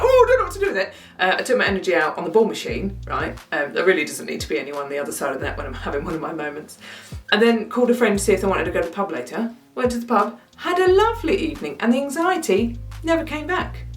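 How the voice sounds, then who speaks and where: A woman, doing a self-mocking comic monologue with wry deadpan asides. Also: fairly low pitch. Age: 30s. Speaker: comedian. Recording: roomy sound, mic at a distance.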